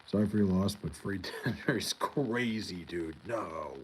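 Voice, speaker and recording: A young man with a deep, low voice hosts a casual livestream from home. He rambles, swears freely and answers his chat by name. A faint hiss of noise sits under the recording. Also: measured pace, low-quality recording. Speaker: livestream host reading chat. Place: home in New York.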